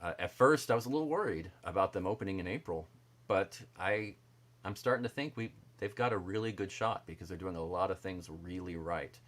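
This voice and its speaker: A man hosts a relaxed livestream. He chats loosely with his viewers, greets them by name, and talks with plenty of "uh"s and restarts. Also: low voice, brisk. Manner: chatty, reads viewer comments aloud, frequent fillers and restarts. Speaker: livestream host. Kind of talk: casual livestream chat.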